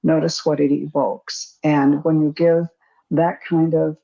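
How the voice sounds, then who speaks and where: A woman giving psychic readings over a video call, her voice dark and gravelly. She wanders through her thoughts with pauses and self-deprecating asides. The audio is dull and lo-fi. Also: low-pitched, level tone. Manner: meandering, hesitant, self-deprecating. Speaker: psychic co-host. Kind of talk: live-stream reading.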